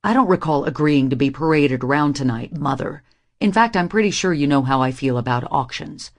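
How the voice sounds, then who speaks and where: A woman voicing a guarded young male musician in an audiobook, speaking low, firm and wry. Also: normal speed. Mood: angry.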